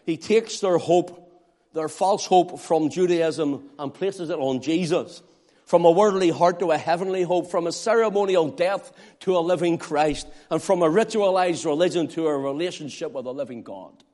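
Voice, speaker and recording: A man preaching a sermon, swinging between loud, pleading appeals and hushed, quiet asides. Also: fairly high pitch, normal speed. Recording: long hall reverb.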